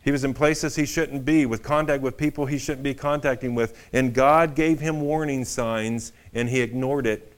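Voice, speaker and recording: A male pastor preaching a sermon in a conversational, animated storytelling way. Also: mid-range voice, normal speed, few pauses.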